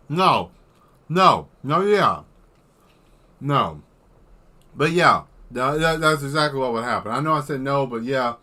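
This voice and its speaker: A man's voice: on the high side, pushed and bright. A man chatting casually on a livestream while drawing, rambling into exaggerated comic rants and swearing freely. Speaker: artist streaming while drawing.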